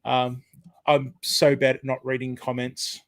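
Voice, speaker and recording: A man with an Australian accent hosting a casual live stream, rambling warmly through greetings with lots of ums. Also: medium pitch, monotone, a little slow, no echo. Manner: chatty, rambling, full of fillers, greeting viewers by name. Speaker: livestream host. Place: home room at a computer. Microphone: desk microphone.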